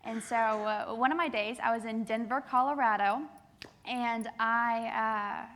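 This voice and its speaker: A young woman giving a keynote speech to a youth assembly, telling lively stories with acted-out quotes. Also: fairly high pitch, measured pace. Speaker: keynote speaker. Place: large assembly hall.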